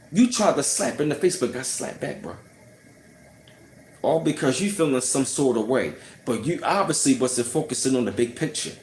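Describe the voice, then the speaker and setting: A man telling a personal story in a casual, heated rant, scornful and full of "you know what I'm saying". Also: on the high side. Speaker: channel host. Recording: roomy echo.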